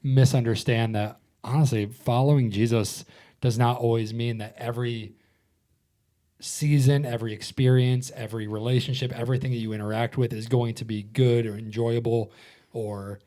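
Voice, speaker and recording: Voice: mid-range voice, steady tone, moderate pace. A podcast host chatting casually, affirming the guest and then reflecting in a thoughtful way. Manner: warm, playful listener with lots of laughs and affirmations. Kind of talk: casual chat.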